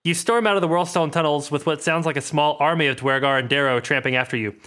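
A young man narrating as game master in a tabletop game, in a joking, animated way. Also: on the high side, fast, clean tone.

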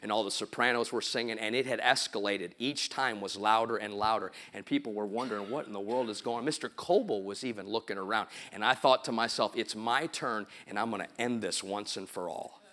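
This middle-aged man's voice sits on the low side, fairly quick with few pauses, pushed and bright. As a pastor delivering a storytelling sermon in a church sanctuary, he acts out sounds and quotes and rises to emphatic preaching.

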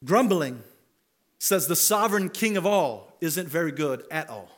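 Guy preaching a sermon, high voice, chatty then punchy with questions. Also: expressive, measured pace, a bit bright. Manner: conversational, rising to emphatic rhetorical questions. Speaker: pastor. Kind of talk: expository sermon.

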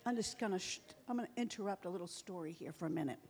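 A woman's voice: fairly low pitch, very fast, a little mellow, slight background noise. A middle-aged woman pastor preaching a sermon, telling stories in a chatty way and laughing often.

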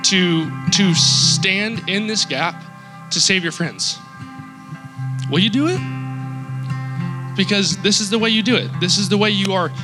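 A man shares his church testimony close to tears, his speech halting and full of fillers. His voice sits somewhat high, and loud plucked guitar plays right behind him throughout. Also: low-quality recording. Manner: emotional, halting, with many fillers. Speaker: church member giving testimony. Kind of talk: personal testimony. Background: loud guitar music.

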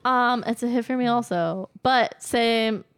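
A woman's voice: on the high side, unhurried, clear, resonant tone, no room sound, studio quality. A woman in a casual movie podcast chat, agreeable and easygoing.

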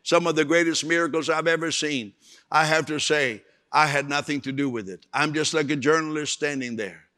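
A man's voice: on the high side, fairly quick, bright, forceful tone. A male preacher delivering a sermon, telling stories and acting out the voices of people in them. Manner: storytelling, acts out quoted voices. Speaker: evangelist preacher. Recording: long hall reverb.

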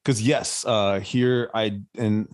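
A man's voice: fairly low pitch, fairly even intonation, slow, no echo, clean studio sound. A man hosting a casual podcast chat. He swears freely and laughs often. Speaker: podcast host. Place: Nashville.

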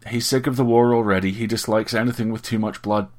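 A man voicing a bitter young army captain who bursts out, his voice rising shrill. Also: fairly even intonation, fast talker, natural voice. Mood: bitter rant. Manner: rattling, bursting into shrill shouts.

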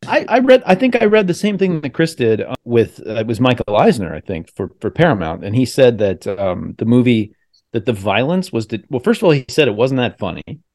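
A man's voice: mid-range voice, sing-song, fairly quick, a little mellow, no echo, clean studio sound. A male podcast host chatting casually over a video call, rambling and correcting himself as he talks.

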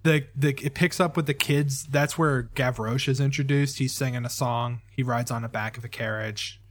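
A man's voice: mid-range voice, steady tone, normal speed. A man co-hosting a casual chat, filling in and correcting story details with hesitant fillers. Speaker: podcast co-host.

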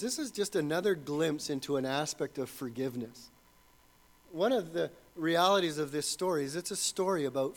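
A middle-aged man preaching a sermon in an earnest way, dropping to quiet phrases and rising to emphatic ones. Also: high-pitched. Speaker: pastor.

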